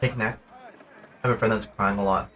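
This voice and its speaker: A man's voice: fairly low pitch, steady tone, brisk, a bit bright. A man playing a character in a tabletop game, playful and rambling. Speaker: player. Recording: noisy room.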